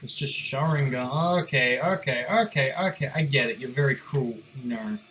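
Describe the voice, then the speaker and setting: A young man talking through a game run in casual commentary, at a middle pitch. He rambles, mutters to himself and swears offhandedly as he plays, with a faint hiss behind him. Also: moderate pace, fairly bright tone. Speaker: gaming streamer.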